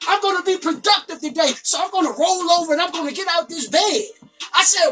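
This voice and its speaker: A high-pitched, bright woman delivers a motivational monologue with emphatic repetition and sudden shouts. Her voice sits some distance from the mic. Soft music plays faintly behind her. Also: animated, brisk. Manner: emphatic, repeats lines, bursts into shouting. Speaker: motivational speaker.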